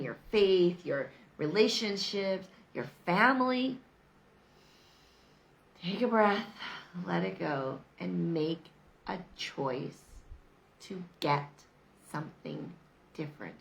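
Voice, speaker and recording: A woman's voice: on the low side, creaky, poor audio. A middle-aged woman talking to camera in a casual, motivational way, emphatic and repetitive, with chatty asides. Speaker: vlogger.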